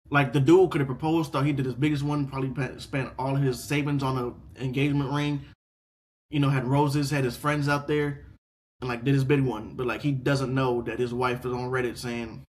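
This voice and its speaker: Here a young host of a casual reaction video reads stories found online and then rants about them. He tends to repeat himself, cusses without restraint, and swings from yelling to muttering under his breath.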